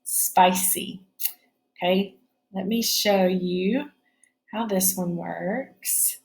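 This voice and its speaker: A woman's voice: mid-range voice, fairly even intonation, slow pace, vocal fry, roomy sound. A woman teaching a phonics spelling lesson, explaining each step patiently.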